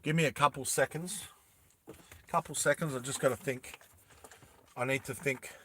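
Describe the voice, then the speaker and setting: A man casually telling a story to his live chat, animated, laughing often and acting out the characters. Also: medium pitch, moderate pace, slight background noise.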